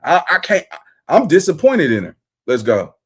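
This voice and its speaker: A man hosting a commentary show, reacting to a clip in an animated, exclamatory, slangy way. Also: a little high, moderate pace, breathy edge.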